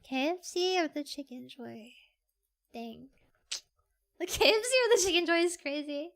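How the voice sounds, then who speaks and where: A streamer in casual live-stream chat at a desk microphone, giggly and excitable, breaking into squeals. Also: high-pitched, normal speed, vocal fry.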